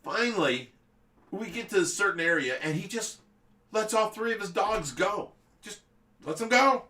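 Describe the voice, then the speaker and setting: Animated, laughing middle-aged man storyteller. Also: high-pitched, normal speed, recorded from a distance. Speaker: fish rescue livestream host. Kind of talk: livestream storytelling. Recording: echoey room, away from mic.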